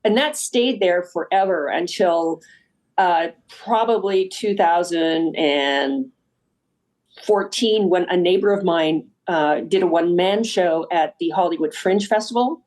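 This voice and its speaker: A woman's voice: lowish voice, a little slow, a little mellow, low-quality recording. A woman from Canada, a comic performer telling stories as a guest in a casual podcast chat. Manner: chatty storyteller.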